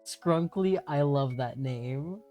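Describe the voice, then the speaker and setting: A woman's voice: a bass voice, slow, warm tone, dull audio. A woman streamer playing a character in a tabletop game, reacting enthusiastically in short remarks. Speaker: player, streamer. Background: faint background music.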